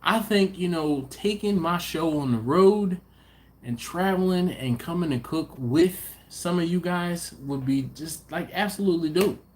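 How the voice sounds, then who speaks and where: A man's voice: a little high, a little slow. A middle-aged man hosting a barbecue channel, chatting casually on a live stream and reading out viewer comments in a laid-back, slangy way.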